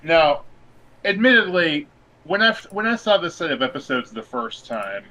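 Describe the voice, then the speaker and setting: A man's voice: fairly high pitch, moderate pace, low-quality recording. A man co-hosting a podcast in casual chat, animatedly acting out the quotes he retells. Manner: excitable, acts out quotes. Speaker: podcast co-host.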